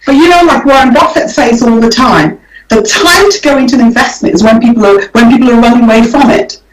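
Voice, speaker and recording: A woman's voice: a little high, brisk, distant mic. A woman guest on a radio show, explaining property investment in an easygoing way and often repeating words while she thinks. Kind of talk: radio interview. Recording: roomy sound from off the mic.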